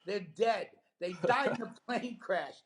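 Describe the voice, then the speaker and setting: A man's voice: high-pitched, measured pace. A man impersonating a fellow comedian who bluntly and repeatedly scolds hecklers from the stage. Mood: exasperated. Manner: blunt, repetitive ranting.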